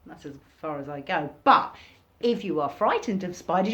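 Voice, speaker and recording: A woman giving an informal recorded workshop lesson, talking casually and acting out reactions in sudden high bursts. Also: sing-song, moderate pace, heavy background noise. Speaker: workshop teacher.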